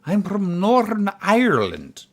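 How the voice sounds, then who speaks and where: A man imitating a lost, flustered young woman in a high voice while telling a story. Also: wildly swooping pitch, a little slow, heavily acted.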